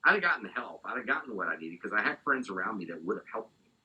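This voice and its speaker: A man being interviewed, giving an animated, candid account of his own past. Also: on the low side, rapid-fire, slightly rough, lo-fi sound. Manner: animated storytelling, gets fired up. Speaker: interview guest.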